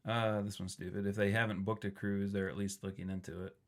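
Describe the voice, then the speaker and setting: A man's voice: fairly low pitch, level tone, brisk. A man in his forties co-hosting a podcast, chatting casually, often laughing as he reads items from a list. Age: 40s. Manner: joking, laughs often while reading a list aloud. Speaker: podcast co-host. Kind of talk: casual chat.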